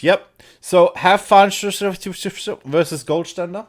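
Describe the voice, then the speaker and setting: A man's voice: high-pitched, fairly quick, few pauses, fairly bright tone. A man co-hosting a casual live stream, talking to himself playfully while working at a computer. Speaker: co-host of a tabletop wargaming stream.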